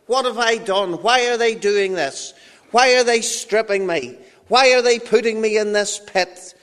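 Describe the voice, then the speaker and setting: A man preaching, putting on the voice of a despairing young man crying out to God, high and loud in a long hall echo. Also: takes it slowly. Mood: anguished. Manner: pleading, anguished. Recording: long reverb of a large hall.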